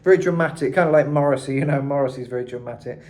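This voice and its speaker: A man's voice: medium pitch, fast, darkish tone. A man giving a casual singing tutorial, chatting loosely with lots of fillers and asides. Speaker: vocal coach. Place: hot room indoors.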